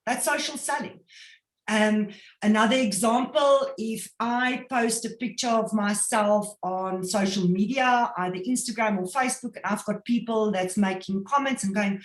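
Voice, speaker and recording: A South African woman training on an online business call, upbeat and lively as she acts out little everyday scenes. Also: mid-range voice, normal speed, reverberant. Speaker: network marketing trainer.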